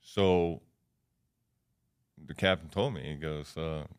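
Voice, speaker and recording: A man's voice: rumbling low, slow, clean tone. A man in his fifties, a podcast guest, telling stories in a loose, slangy way with lots of fillers. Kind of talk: casual storytelling.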